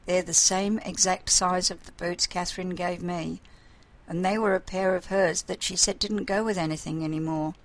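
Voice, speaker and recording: A woman's voice: fairly low pitch, fairly even intonation, normal speed, natural voice, rough recording. A woman voicing a spirited teenage girl who is eager, a bit demanding and slightly dramatic. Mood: sure.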